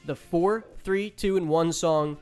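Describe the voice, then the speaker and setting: A man hosting a podcast, running a music quiz and explaining the rules at a rushed clip. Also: fairly high pitch, clean tone. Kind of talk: casual chat.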